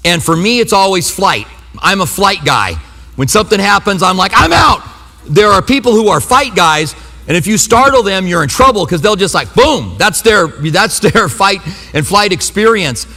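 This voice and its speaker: A man's voice: high-pitched, expressive, normal speed, pushed and bright, faint music behind. A man preaching a sermon as a pastor, talking in a conversational way and acting out funny reactions as he tells stories. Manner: conversational, humorous storytelling with acted-out reactions. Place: church sanctuary. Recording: long reverb of a large hall.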